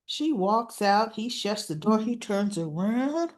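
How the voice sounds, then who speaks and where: A woman's voice: medium pitch, lively intonation, takes it slowly. A woman recapping a daytime soap episode in a casual way, acting out what the characters say. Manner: retells scenes with acted-out dialogue. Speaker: soap opera reviewer.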